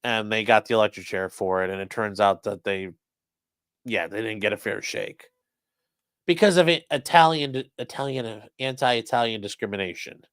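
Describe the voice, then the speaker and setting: A former defense attorney talks loosely about a trial during casual live-stream commentary, swearing and acting out courtroom exchanges. His voice is lowish, smooth and fairly bright at a moderate pace, and the recording is dry.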